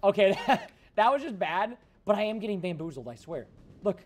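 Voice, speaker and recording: A man with a high-pitched voice talks through a game on a casual livestream. He is excitable and jokey, and shouts when frustrated. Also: brisk, slight background noise. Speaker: gaming livestreamer. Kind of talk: casual gaming livestream commentary.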